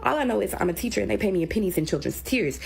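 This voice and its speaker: A woman's voice: mid-range voice, animated, rapid-fire, creaky, slightly rough. A young woman who teaches, dryly retelling an argument in casual storytelling.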